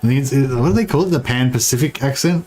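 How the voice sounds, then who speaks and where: A man's voice: medium pitch, fast talker, darkish tone. Rambling Australian man streaming a game. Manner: rambling, swears freely, trails off and restarts. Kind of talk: casual livestream chat while playing.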